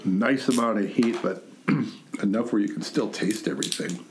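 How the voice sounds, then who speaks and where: A man's voice: fairly low pitch, normal speed, background noise. A man co-hosting a casual podcast, joking and laughing often while his mouth burns from hot sauce. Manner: jokey, laughs often, teasing. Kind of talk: casual chat.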